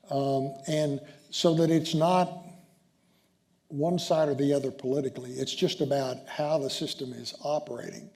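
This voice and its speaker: A man, a senior judge, answering questions on stage at a dinner, talking in a halting way with many ums and restarts. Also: mid-range voice, mellow. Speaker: chief justice being interviewed. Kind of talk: onstage conversation at a dinner event. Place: hotel banquet room.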